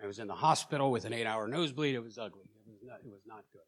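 A man's voice: mid-range voice, very fast, husky. Man preaching a heartfelt testimony. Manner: emotional storytelling, swings between loud and hushed, repeats words when stirred. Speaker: preacher sharing a personal testimony. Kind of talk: sermon testimony. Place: church.

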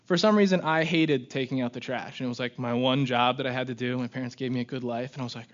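A man's voice: fairly high pitch, fast, hardly any pauses, lo-fi sound. A young man giving a casual, conversational sermon to youth, often checking in with "right?" and acting out grumbling voices.

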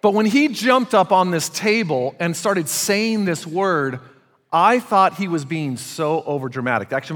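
A pastor preaching a conversational sermon, speaking animatedly and calling on the congregation to respond. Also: male voice, fairly high pitch. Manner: animated, conversational preaching with audience call-outs. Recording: long hall reverb.

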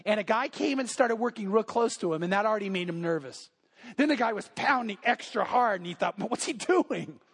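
A man with a high voice preaches a sermon in a casual way and tells a story. He acts out the people in it and often repeats his words. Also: a little fast, a bit bright. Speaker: pastor. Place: church service.

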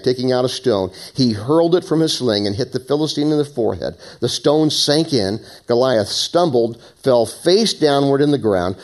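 A man preaching a sermon, reading scripture aloud with dramatic emphasis. He drops into relaxed, conversational asides to the congregation. His delivery is plain and direct. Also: mid-range voice. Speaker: pastor.

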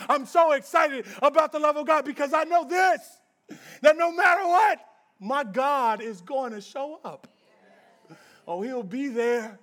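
High-voiced man preaching with passion. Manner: passionate preaching, swings from hushed to shouting; repetitive rhythmic call-and-response phrasing. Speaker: pastor. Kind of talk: sermon.

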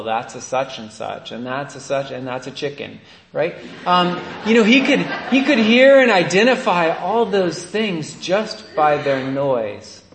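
A man in his thirties preaches in a friendly, storytelling way, often tossing in "right?" to pull his listeners along. His voice sits a little high for a man. The sound carries a clear echo from the room around him. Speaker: priest. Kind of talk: conversational sermon.

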